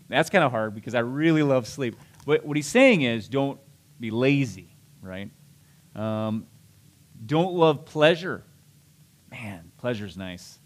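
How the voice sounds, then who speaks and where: Conversational male pastor preaching a sermon. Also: mid-range voice. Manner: conversational, self-deprecating, with restarts and asides.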